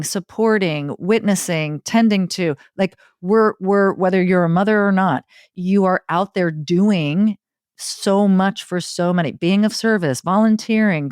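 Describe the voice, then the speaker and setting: A middle-aged woman telling stories in an interview, expressive and building long rhythmic lists. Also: medium pitch, clear, resonant tone, no echo, clean studio sound. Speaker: podcast guest, circle facilitator. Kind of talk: conversational interview.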